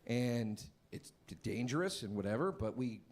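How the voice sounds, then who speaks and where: A man doing a stand-up routine, telling a story animatedly and jumping into high yelling voices. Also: lively intonation, moderate pace, a crowd in the background. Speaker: stand-up comedian.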